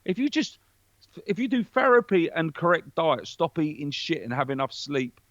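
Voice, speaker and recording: A man, a podcast guest in casual chat, talking in an animated, preachy way with plenty of swearing. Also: on the high side, normal speed, dry recording, muffled recording.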